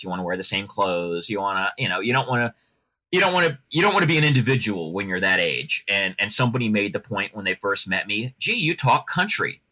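A middle-aged male lawyer chats as a podcast guest, circling through stories with frequent restarts. His voice has a bright, forceful edge. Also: fairly low pitch, poor audio. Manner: chatty, rambling with many restarts. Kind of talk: casual podcast interview.

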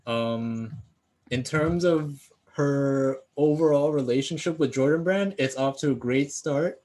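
A man's voice: mid-range voice, unhurried, darkish tone. A man co-hosting a casual sneaker podcast, talking in a laid-back, slangy way with plenty of swearing. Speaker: podcast co-host.

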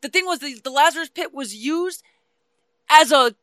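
A man talks fast and fired up, swinging between heated outbursts and quieter stretches of explanation. His voice has a bright, tense edge. The sound is dry and close. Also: very high-pitched, dry recording. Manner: passionate, ranting, animated about comics. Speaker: podcast co-host. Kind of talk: casual chat.

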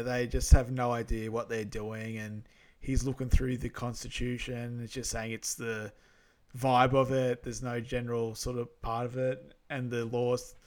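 A man co-hosting a casual film recap over an online call. He retells scenes in an easygoing, halting way with frequent ums, his voice sitting at a middle pitch. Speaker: podcast co-host. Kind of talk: casual movie recap narration.

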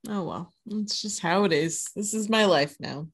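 A woman's voice: mid-range voice, normal speed, husky. Laughing, tired woman podcast co-host. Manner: laughs often, excitable storytelling. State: tired with a headache. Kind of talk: casual chat about films.

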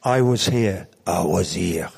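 A man voicing an older, philosophical Catalan chain-smoker with a French accent, speaking slowly in a hushed, deliberate way. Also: low-pitched, creaky, slightly rough, voice pushed down, heavily acted. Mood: wistful. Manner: slow, hushed, deliberate phrasing.

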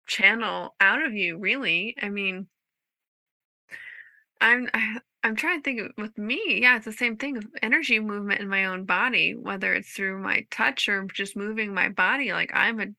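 A woman's voice: medium pitch, vocal fry, pushed and bright, no echo. A woman hosting a podcast, chatting casually and gushing with enthusiasm. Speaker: podcast host.

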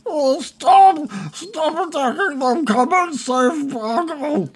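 A man voicing a cowardly goblin leader who weeps and begs in a shrill voice. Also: slow. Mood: pleading. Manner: shrill, sobbing and begging.

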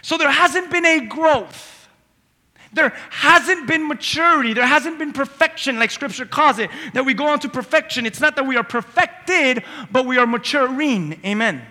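A male pastor preaching a sermon in a church, swinging between loud emphatic lines and quiet asides, acting out little voices as he tells stories. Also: very high-pitched, normal speed. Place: church sanctuary. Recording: long hall reverb. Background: congregation.

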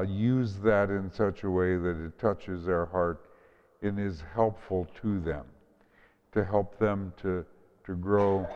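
A male pastor giving a gentle sermon, with prayerful pauses and restarts, recorded in a church with a dull sound and a long hall echo. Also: sits low, smooth. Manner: gentle, prayerful delivery with frequent ums and restarts.

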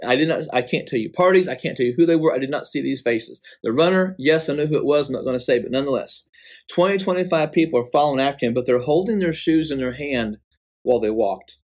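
A man recounting a prophetic dream in a halting, dramatic way, repeating words and slowing for emphasis. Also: mid-range voice. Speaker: dream narrator.

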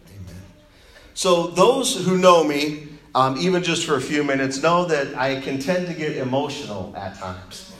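A man in his forties preaching a sermon, an animated, joking storyteller who drops quiet and low for prayer and grief. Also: normal speed. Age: 40s. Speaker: pastor. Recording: echoey room sound.

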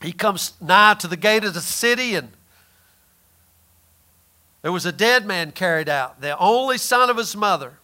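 A man preaching a sermon who asks the listeners questions and answers them himself, drawling some phrases slowly for emphasis. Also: high-pitched, lively intonation, sharp tone.

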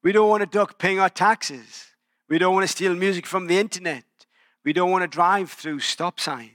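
Bright-voiced English pastor in his forties. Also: sits high, moderate pace, no room sound, studio quality. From England. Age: 40s. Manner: conversational, self-deprecating storytelling with frequent restarts. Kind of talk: sermon with personal anecdotes. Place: church.

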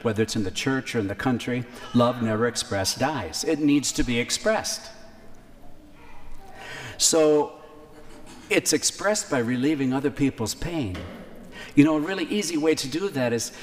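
Guy giving a sermon in church, talks casual, repeats lines slow for emphasis, echoey hall. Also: medium pitch, slight background noise. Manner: conversational, repeats key lines slowly for emphasis. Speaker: preacher. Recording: reverberant church hall, faint ambience.

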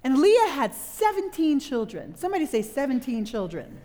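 A middle-aged woman preaches to a live crowd in a church hall. Her pitch sits a little high and swings widely as she tells her story and quizzes the listeners. A long hall reverb trails each phrase. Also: moderate pace. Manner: animated storytelling, quizzing the audience. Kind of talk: sermon.

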